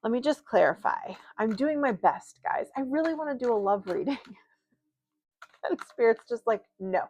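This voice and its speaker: A woman's voice: fairly high pitch, animated, moderate pace, a little mellow. A woman giving a casual spoken tarot reading, chatty and rambling, with many fillers and asides. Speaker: tarot reader.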